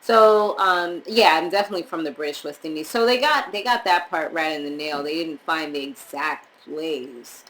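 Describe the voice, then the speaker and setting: A young woman from Montserrat chatting casually as a vlogger, rambling with animated asides. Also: low voice, normal speed, few pauses, poor audio. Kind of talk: casual chat reviewing DNA results.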